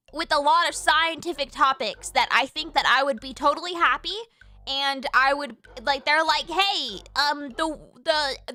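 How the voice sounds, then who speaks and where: Bright high-voiced woman streamer rambling. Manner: rambling, filler-heavy, swears freely, animated squeals. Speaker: livestreamer. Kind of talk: casual chat on a livestream.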